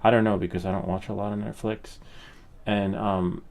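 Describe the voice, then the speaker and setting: A man's voice: fairly low pitch, little pitch movement, moderate pace, creaky, a little mellow. A middle-aged man hosting a hobby painting channel, telling a rambling, candid story in a casual way with the odd curse word. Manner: rambling, candid, occasional swearing.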